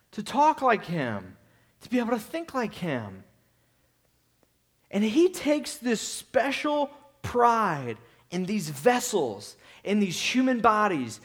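A young adult man preaching a sermon in a high-pitched voice. His talk is casual and conversational, full of restarts, rhetorical questions and quick asides. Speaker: pastor.

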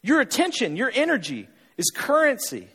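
A man with a high, very lively voice preaching to his congregation, hammering his point home through repetition and pointed questions. His voice rings out with a long reverb, as if he were in a large hall. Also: moderate pace, slightly rough. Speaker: pastor. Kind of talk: sermon.

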